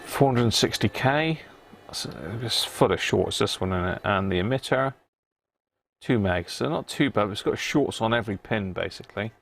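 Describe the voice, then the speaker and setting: Gravelly man chatting while tinkering. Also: lowish voice, lively intonation, moderate pace, fairly bright tone. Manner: chatty, rambling, muttering to himself as he works. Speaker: radio repair live-streamer. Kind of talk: casual live-stream chat while repairing. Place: home workshop upstairs.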